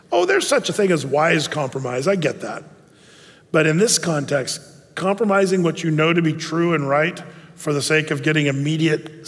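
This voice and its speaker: A man preaches a sermon in a fairly high voice, telling his stories with lively energy and frequent restarts. The sound carries a long reverb, as in a large church hall. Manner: animated storytelling with many restarts. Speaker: pastor.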